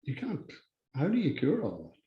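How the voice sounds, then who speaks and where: An older Irish man, a podcast guest, talking in a halting, blunt way with frequent restarts and swearing. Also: a little high, wildly swooping pitch, reverberant, lo-fi sound, slight background noise. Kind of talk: casual conversational interview.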